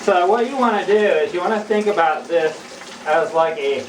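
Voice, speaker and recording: A man's voice: sits high, normal speed, distant mic, background noise. A man casually rambling and preaching while he demonstrates washing laundry by hand in a bathtub, with lots of restarts. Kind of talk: casual how-to vlog. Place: bathroom, washing clothes in a tub. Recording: echoey bathroom, off-mic, running water.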